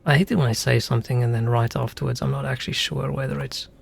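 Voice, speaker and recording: A man talks through his gameplay in a casual, rambling way, wandering into musings about words. His voice has a gravelly, creaky edge. Faint music plays underneath. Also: mid-range voice, steady tone, fast talker. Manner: musing, chatty, wanders off on tangents. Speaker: streamer.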